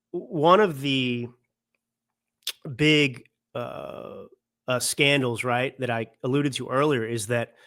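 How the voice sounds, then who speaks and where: A man's voice: mid-range voice, fairly bright tone. A man in his thirties or forties hosting a political commentary show, talking in a heated, emphatic way and often repeating himself. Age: 30s to 40s. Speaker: host.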